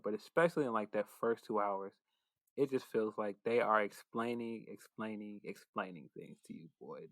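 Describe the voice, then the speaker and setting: A man in casual podcast chat, easygoing and agreeable, drawing out his gripes about a film with repetition. His pitch sits mid-range and his voice is dry and close. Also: no echo, low-quality recording. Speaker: podcast co-host. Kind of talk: casual movie review chat.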